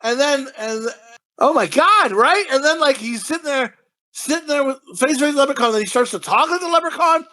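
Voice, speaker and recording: A podcast co-host in loose conversation, rambling and cursing as he rants. His voice leaps around in pitch and has a bright, forceful tone. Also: fairly quick, low-quality recording. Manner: rambling, profane, excitable ranting. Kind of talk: casual podcast chat.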